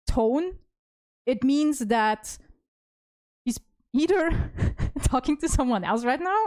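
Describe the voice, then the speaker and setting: A woman's voice: fairly high pitch, a little mellow, no echo. Rambling woman vtuber, dry close sound. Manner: rambling with many fillers and restarts. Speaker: vtuber streamer. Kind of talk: casual stream talk reading chat messages.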